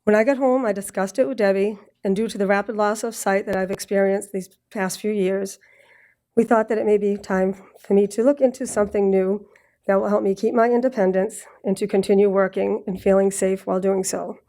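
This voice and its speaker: A woman with a Boston accent from Massachusetts giving a prepared speech at a graduation ceremony, a little nervous, clearing her throat now and then and dropping in joking asides. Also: medium pitch, steady tone, fairly quick, warm tone. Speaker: graduate speaker. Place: ceremony with live audience.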